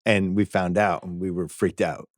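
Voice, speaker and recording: Dry, low-voiced American man hosting a podcast. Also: normal speed, no echo. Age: middle-aged. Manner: relaxed, wry, steers the conversation. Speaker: podcast host. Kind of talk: casual podcast chat.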